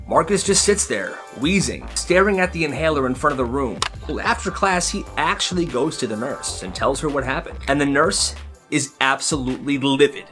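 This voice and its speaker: Lively man narrating storytime. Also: mid-range voice, moderate pace, faint music behind. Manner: lively, casual, commenting on the stories.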